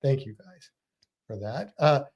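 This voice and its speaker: A man's voice: mid-range voice, unhurried, darkish tone, muffled recording. An American man co-hosting a casual live stream, chatting and laughing as he answers viewer comments. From United States. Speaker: livestream co-host.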